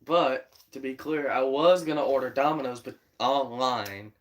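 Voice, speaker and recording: A man's voice: mid-range voice, fairly even intonation, moderate pace. A man co-hosting a podcast in casual chat, chiming in with wry asides. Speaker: podcast co-host.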